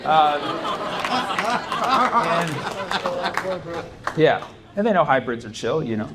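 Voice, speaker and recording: A man's voice: on the high side, animated, drawn-out words. A young man doing stand-up comedy at a club, talking in a loose, rambling way full of "like" and "you know". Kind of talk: stand-up comedy with crowd work. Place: comedy club stage before a live audience. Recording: live club recording with crowd noise.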